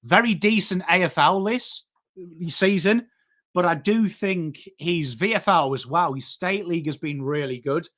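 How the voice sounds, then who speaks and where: A man from England with a high, slightly bright voice speaks at a measured pace while hosting a relaxed live stream. He reads viewer messages, trades banter, and refers to people as mate.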